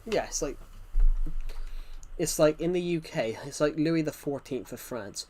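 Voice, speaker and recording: A man's voice: fairly high pitch, measured pace, darkish tone. A young British man casually chatting with viewers while he plays, answering their questions as they come. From United Kingdom. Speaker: gaming streamer. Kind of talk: casual livestream chat while playing.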